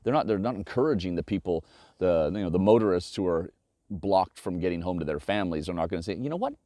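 A man hosting a casual podcast conversation, animated and acting out other people's voices. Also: sits low, fast talker, dry recording, studio quality. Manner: frequent restarts and "you know". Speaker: podcast host.

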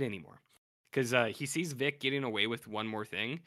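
A man's voice: medium pitch, a little fast, a bit bright, no room sound, studio quality. A man co-hosting a podcast in casual chat, animatedly retelling episodes and acting out what characters say. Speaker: podcast co-host.

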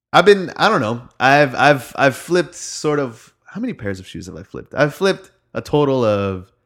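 A man's voice: medium pitch, big pitch swings, a little slow, fairly bright tone. A young man in casual chat, telling a long rambling story with lots of fillers and swearing.

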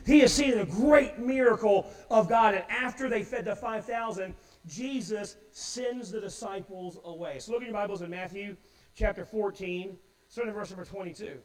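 Animated preacher man, echoey church. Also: high-pitched, moderate pace. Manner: animated storyteller, acts out quotes, repeats words. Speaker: pastor. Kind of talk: sermon.

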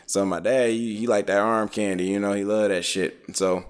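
A man casually telling stories in a relaxed, profane way, laughing often. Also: lowish voice, moderate pace. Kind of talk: casual storytelling chat.

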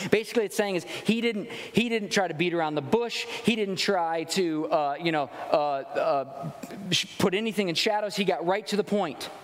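A male pastor preaching in a relaxed, conversational way, acting out the questions he quotes. His voice sits a little high for a man. A long reverb trails behind each phrase, as in a large hall. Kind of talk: sermon.

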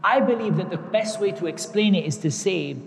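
A man's voice: high-pitched, fairly quick, gravelly, in a large hall. A man giving a religious lecture, explaining terms patiently and repeating key words. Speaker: Islamic teacher.

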